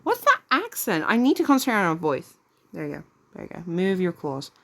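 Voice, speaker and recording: A woman with a low voice reads game narration aloud and chats casually between the lines. Her delivery is relaxed and conversational, with asides to her pet. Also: fairly quick, creaky. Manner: chatty, talks to her pet while reading. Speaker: game streamer. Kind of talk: casual gameplay commentary and reading story text aloud. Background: faint game music.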